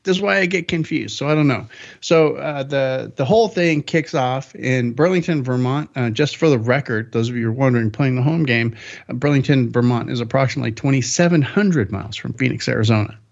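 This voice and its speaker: A man's voice: medium pitch, fairly quick, gravelly. A man hosts a podcast in an easygoing, rambling way. He keeps the talk upbeat and often corrects himself mid-sentence. The recording sounds a little dull and lo-fi. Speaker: podcast host. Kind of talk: casual podcast chat.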